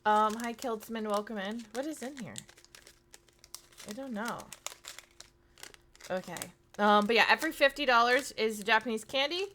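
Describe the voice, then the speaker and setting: A woman's voice: a little high, moderate pace, pauses often, sharp tone, a little hiss or hum. A woman in her thirties chatting casually to her live-stream audience, rambling with plenty of fillers. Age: 30s.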